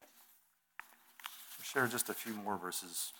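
Earnest man preaching, bright voice. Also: fairly low pitch, very slow, slight background noise. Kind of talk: sermon with scripture reading and illustration.

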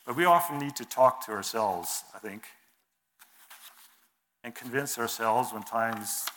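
A man giving a sermon in an earnest, measured way, reading scripture and telling an illustration, his phrases trailing off softly. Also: mid-range voice, slight background noise. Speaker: preacher.

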